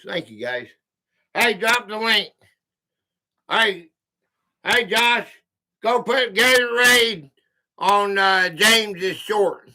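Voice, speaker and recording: A high, bright-toned man with a Southern US country drawl hosts a casual live quiz stream. He talks unhurriedly, bantering with his chat and reading out trivia questions, and he sits a bit back from the microphone. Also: recorded from a distance. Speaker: quiz livestream host.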